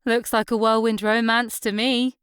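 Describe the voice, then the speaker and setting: A woman's voice: a little high, level tone, normal speed, a bit bright, smooth, no room sound, clean studio sound, voice pushed up, lightly acted. A woman voicing a small, cheerful young wife who is chatty and teasing, with a Northumbrian accent.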